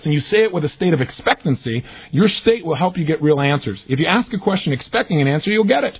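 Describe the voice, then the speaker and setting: Man, motivational talk, emphatic, lively pitch, breathy tone, tinny lo-fi sound. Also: fast talker. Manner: emphatic, dramatic quoted questions. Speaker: motivational speaker. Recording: tinny lo-fi audio recording.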